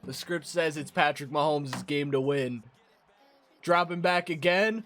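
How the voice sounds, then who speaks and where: A young man with a raspy voice from a cold, commentating a football video game and yelling at big plays. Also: on the high side, unhurried, faint music behind. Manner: excitable, yells at big plays. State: hoarse from a cold. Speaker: gaming commentator.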